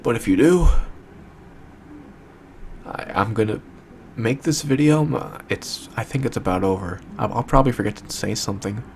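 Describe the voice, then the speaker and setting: Distraught young man, gravelly, near tears. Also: medium pitch, animated, darkish tone, a little hiss or hum. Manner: halting, repetitive, swearing, searching for words. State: distraught, holding back tears. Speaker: video maker addressing a friend. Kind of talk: emotional direct-to-camera monologue.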